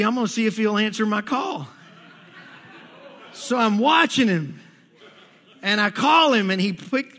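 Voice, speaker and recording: Blending Bible passages with humorous anecdotes, a middle-aged pastor gives his sermon in a church sanctuary. His voice is high and bright; he stumbles over restarts and performs the voices of those he quotes, and each word echoes long through the hall.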